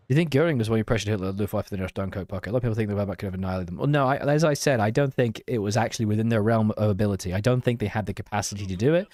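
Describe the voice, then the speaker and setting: A man's voice: lowish voice, darkish tone, no echo. A young man streaming a strategy game, chatting casually, mocking himself and answering his chat.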